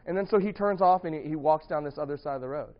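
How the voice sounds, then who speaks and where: The audio is dull as a fast-talking young man with a voice on the high side casually recounts a lengthy personal story to a few people. Partly raised in the US Midwest, he keeps restarting, wandering off and laughing.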